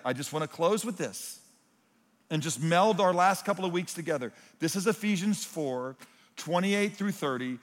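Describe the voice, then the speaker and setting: A man delivers a sermon from the pulpit. His voice sits a little high for a man and carries a long reverb through a large hall. He moves between forceful, emphatic declarations and quiet, intimate asides. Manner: earnest preaching, swings between loud emphatic points and hushed, intimate asides. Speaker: pastor.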